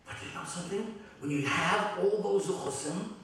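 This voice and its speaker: Middle-aged rabbi, echoing from far. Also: male voice, high-pitched, a bit bright. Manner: heartfelt, halting, with many restarts. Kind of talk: eulogy at a memorial gathering. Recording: very echoey hall from far off.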